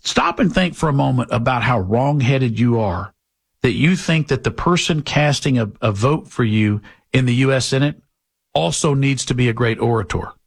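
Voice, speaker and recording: A man's voice: expressive, moderate pace, gravelly, breathy edge. A man hosting a political talk show, delivering a blunt, lecturing monologue to his listeners. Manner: blunt, lecturing, mocks people in high put-on voices.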